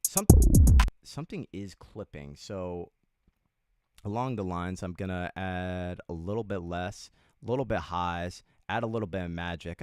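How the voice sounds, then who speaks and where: A man's voice: low-pitched, moderate pace, faint music behind. A young man livestreaming a beat-making tutorial, chatting casually with his chat, joking and swearing a lot. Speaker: music producer livestreamer.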